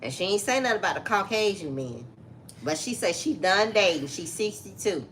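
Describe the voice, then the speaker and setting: A woman's voice: medium pitch, animated, moderate pace, fairly bright tone, a little hiss or hum. A woman with a Southern US accent, co-hosting a casual chat show and giving emphatic, preachy advice to viewers. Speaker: co-host.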